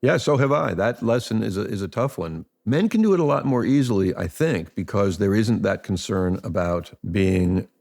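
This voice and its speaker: A male author interviews his guest and explains his ideas in a calm, measured way. His voice is low with a gravelly texture. He speaks reflectively.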